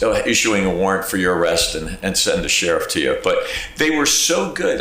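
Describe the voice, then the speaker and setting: A man, a county clerk of court, giving a presentation to a village council, telling stories and acting out phone calls in a conversational, emphatic way. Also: lowish voice. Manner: animated storyteller, acts out phone calls and quotes; conversational, repeats "okay?" for emphasis. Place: council chamber. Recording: very echoey council chamber.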